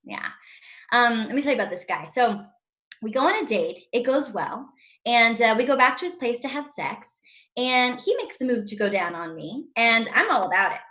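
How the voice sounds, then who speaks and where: Brash, lively woman doing stand-up. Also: a little high, moderate pace. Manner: brash, animated storytelling. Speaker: stand-up comedian. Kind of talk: raunchy stand-up set.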